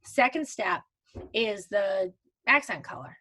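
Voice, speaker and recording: A woman's voice: medium pitch, expressive, slow, pushed and bright. A woman teaching makeup steps over a video call, in a chatty, casual way with frequent restarts. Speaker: makeup consultant teaching a virtual class. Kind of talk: casual live video training.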